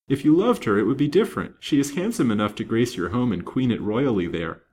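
A blunt, protective old banker , as a male reader puts him on, speaking grimly and forthrightly. His voice rides noticeably higher than the reader's own and pushes louder on its emphatic words. It is a storybook reading. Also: very animated, brisk, a little hiss or hum, natural voice. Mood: earnest warning. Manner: grim, forthright.

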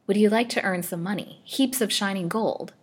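A woman's voice: mid-range voice, normal speed, husky, voice pushed up, natural voice. A woman voicing a frail, timid young woman held captive in a storybook reading, speaking in an imploring way. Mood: pleading.

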